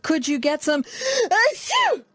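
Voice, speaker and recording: A woman reading lines of a scripted practice dialogue, plain and clear. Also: mid-range voice, sing-song, moderate pace, no room sound.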